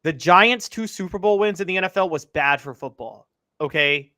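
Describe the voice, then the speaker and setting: A man's voice: sits high, moderate pace, sharp tone. A young man co-hosting a casual sports podcast, giving emphatic, opinionated takes. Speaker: podcast co-host.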